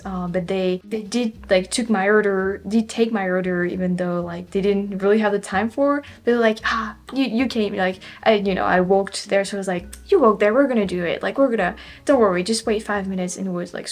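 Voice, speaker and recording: Young French woman, travel vlogger, accented English, chatty and giggly, lots of fillers, mid-pitched. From France. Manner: chatty, laughs often, many fillers and restarts. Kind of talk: casual chat to camera.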